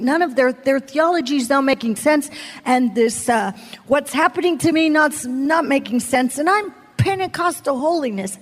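A woman preacher giving an animated testimony sermon, telling her story with bursts of laughter and screaming. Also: high-pitched, slightly rough, long reverb tail.

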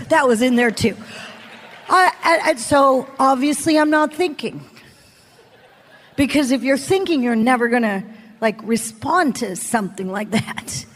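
A woman preacher giving an animated testimony sermon, telling her story with bursts of laughter and screaming. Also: high-pitched, long reverb tail.

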